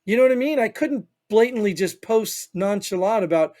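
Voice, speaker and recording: A high-pitched man with a Northern US accent rants his way through a casual podcast chat. He rambles and leans hard on his points, tossing in "you know what I mean" again and again. His voice sits noticeably high for a man. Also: a little fast, few pauses, darkish tone. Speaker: podcast co-host.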